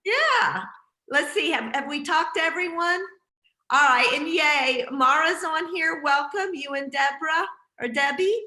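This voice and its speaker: A woman's voice: sits high, moderate pace, bright, forceful tone, roomy sound. A woman hosting a casual team video call, chatty and encouraging with lots of fillers.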